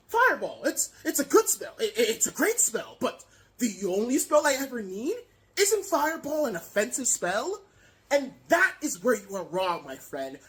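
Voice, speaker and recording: Woman voicing a smug half-elf archmage lecturing a crowd; high, very lively, stammers when excited. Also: heavily acted. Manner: boastful, theatrical, stammers when worked up. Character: pompous greedy male half-elf archmage. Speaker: tabletop game player. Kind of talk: comic in-character campaign speech.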